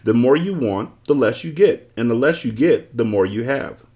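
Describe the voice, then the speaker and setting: A man's voice: medium pitch, lively intonation, moderate pace, darkish tone, natural voice. Male reader doing a cheerful know-it-all shape creature for a storybook, wide-ranging voice. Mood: pedantic. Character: pleased, many-faced male geometric creature.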